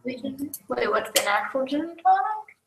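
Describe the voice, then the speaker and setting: A young woman co-hosting a live stream, giggling and chiming in with quick remarks. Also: high voice, sing-song, background noise. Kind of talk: casual live-stream chat. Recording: echoey room.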